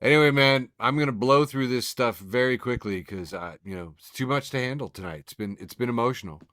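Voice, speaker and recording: A man's voice: medium pitch, brisk, fairly bright tone, no echo, studio quality. A man co-hosting a podcast in casual chat, describing memes and laughing often as he reads captions aloud. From Illinois. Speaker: podcast co-host.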